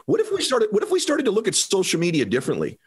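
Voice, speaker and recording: Husky, lively-paced podcast host man. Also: high voice, rapid-fire. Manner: encouraging, preachy, backchannels a lot. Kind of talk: podcast interview.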